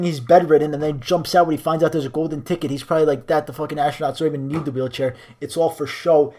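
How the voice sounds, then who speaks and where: A man's voice: fairly high pitch, darkish tone. A young man hosting a solo podcast, rambling through a crude, profane comic rant into a cheap microphone. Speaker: podcast host.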